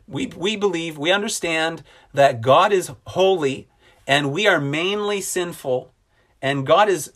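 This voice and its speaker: A man preaching a sermon as a pastor, earnest and repeating phrases for emphasis, slowing down on key lines. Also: on the high side, fairly bright tone.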